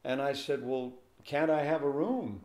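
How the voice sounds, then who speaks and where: A man's voice: medium pitch, a little slow. An older man, a pastor, telling a story in an interview and acting out the voices of the people in it. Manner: animated storyteller acting out dialogue. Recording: echoey room.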